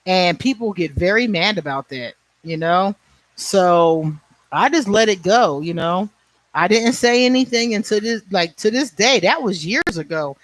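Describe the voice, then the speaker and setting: In his forties, this livestream host has a high, expressive, somewhat bright voice and takes his time. He tells blunt, profane stories in a casual chat, laughing frequently and addressing viewers by name, with no echo on the audio.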